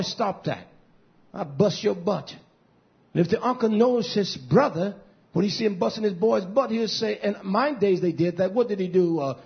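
A middle-aged man preaching a fiery sermon, scolding, dropping to low mutters and whispers, then rising into loud outbursts. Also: creaky. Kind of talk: fiery street-style sermon. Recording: muffled lo-fi recording.

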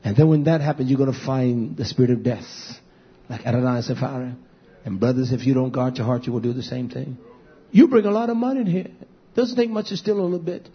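A man preaching a fiery sermon as pastor, swinging between shouts and low murmurs. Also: quick pace, slightly rough. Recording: dull lo-fi recording.

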